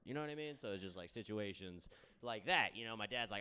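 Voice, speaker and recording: Rambling young comedian, lowish smooth voice. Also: male voice, expressive, quick pace, a bit bright. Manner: rambling, filler-heavy, keeps tagging "all right?". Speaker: stand-up comedian. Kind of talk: stand-up set with crowd work. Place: comedy club stage.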